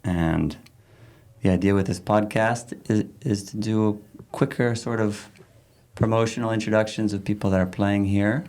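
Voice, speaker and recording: A man's voice: fairly low pitch, fairly even intonation, normal speed, darkish tone. A man hosting a podcast interview, asking questions in loose, searching phrases with fillers. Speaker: podcast host. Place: artist room of a venue.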